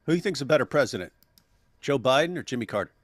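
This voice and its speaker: A man's voice: medium pitch, animated, rapid-fire, no echo. A man co-hosting a casual political chat, joking, laughing often and acting out quotes. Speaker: co-host.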